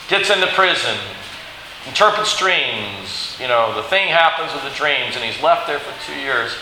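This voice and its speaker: A man preaching a sermon, telling a Bible story in an animated way and acting out the quoted lines. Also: medium pitch. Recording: very echoey hall with faint hiss.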